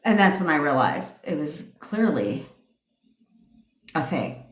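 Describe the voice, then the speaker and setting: A woman's voice: sits low, very animated, slow pace, reverberant. A woman hosting a casual live stream as a manifestation coach, ranting in a brash, profane way and laughing through her tangents.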